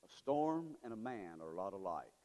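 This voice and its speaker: A male pastor preaching a sermon with call-and-response, swinging between shouts and low murmurs. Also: big pitch swings, moderate pace. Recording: long reverb of a large hall.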